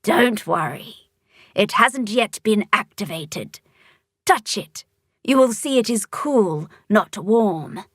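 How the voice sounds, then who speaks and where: A kindly female monster mayor, put on by a woman reading aloud, speaks with a low, growly rasp. She is unhurried and solemn, as if handing down something precious. It is a storybook voice, crisp and dry. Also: animated, a bit bright, dry recording. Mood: gentle, solemn.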